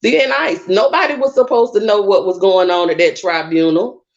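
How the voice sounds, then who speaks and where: A woman's voice: medium pitch, brisk. Heated woman on a lo-fi call. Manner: emotional, confrontational, repeats herself. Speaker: guest. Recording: dull lo-fi online call audio.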